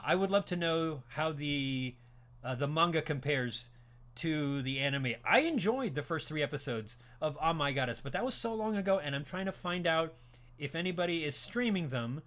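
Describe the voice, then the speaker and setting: An older man hosts an anime stream in a loose, rambling way, often restarting his sentences and chuckling as he answers his chat. His voice sits a little high for a man, and his tone stays lively and talkative. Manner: animated, chatty, rambling with frequent restarts; laughs while talking, reads chat aloud. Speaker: podcast host. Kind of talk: casual livestream chat.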